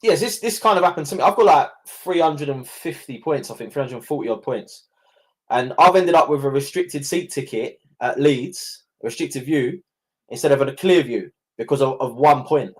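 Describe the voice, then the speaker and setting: A young man runs a relaxed podcast chat. He talks in a loose, chatty way, swearing and breaking into laughs, and his voice sits at a middling pitch. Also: moderate pace. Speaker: podcast host. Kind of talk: casual chat.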